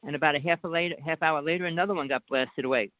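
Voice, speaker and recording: A man's voice: a little high, rapid-fire, dry recording. A man with a New Jersey accent, a guest talking insistently in a rambling phone conversation and pushing on over interruptions. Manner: insistent, talks over the other speaker. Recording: dry tinny phone line.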